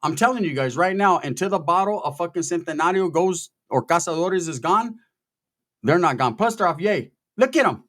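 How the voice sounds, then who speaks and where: A man telling a story in a casual, profane, animated way, acting out the people in it. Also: high-pitched, normal speed. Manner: profane, animated, quotes people in their voices.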